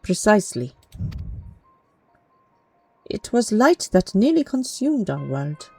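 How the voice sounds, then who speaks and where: A woman voicing a stern female guard captain in a fantasy game, reading her lines in a formal, measured way. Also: medium pitch, very animated, mellow, husky, no echo, faint music behind, voice pushed up, heavily acted, poor audio. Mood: earnest.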